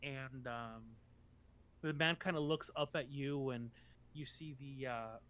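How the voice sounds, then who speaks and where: A man's voice: mid-range voice, slow, fairly bright tone. A man narrating as game master for a tabletop game, rambling with many ums and restarts.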